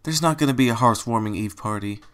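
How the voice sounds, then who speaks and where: A man voicing a bubbly female party pony who turns bossy and then tearful, in a high put-on girlish voice. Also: quick pace, fairly bright tone, smooth, lightly acted.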